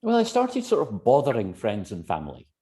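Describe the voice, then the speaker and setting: A man, a guest hypnotherapist on a video call, telling stories lively, acting out quotes and laughing often. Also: medium pitch, fairly quick. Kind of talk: animated anecdotal storytelling.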